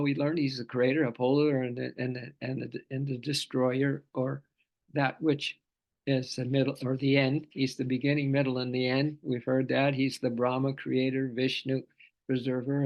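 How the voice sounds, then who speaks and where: A man's voice: medium pitch, level tone, moderate pace, vocal fry, lo-fi sound. A man teaching a scripture class, fervent in manner, often repeating phrases and stretching out chanted vowels. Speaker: spiritual teacher.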